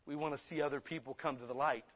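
A man preaching a sermon, blunt and forceful, slipping into quick mimicked excuses. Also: fairly high pitch, fairly even intonation.

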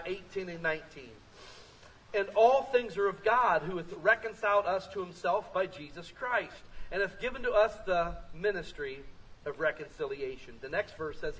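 A man preaching a lively sermon as pastor, telling stories and rising to shouts. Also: high voice, moderate pace, far from the mic, slight background noise, low-quality recording. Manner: energetic, storytelling, rising to shouts.

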